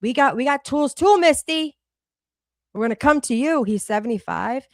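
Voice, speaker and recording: A woman's voice: sits high, lively intonation, moderate pace, dry recording, clean studio sound. A woman in her forties with a Boston accent, co-hosting a livestream and ranting bluntly with lots of swearing. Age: 40s. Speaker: livestream co-host. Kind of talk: heated casual commentary.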